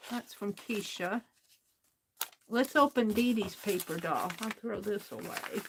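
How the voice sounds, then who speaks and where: With a creaky, mid-range voice and background noise behind her, a middle-aged craft livestreamer opens mail on camera, chatting casually to viewers and herself and laughing a lot.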